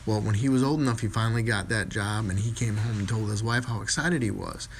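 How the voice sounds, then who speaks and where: A man casually telling a string of jokes in a relaxed storytelling manner, with a few fillers. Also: fairly low pitch, fast, creaky, slight background noise. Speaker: joke teller.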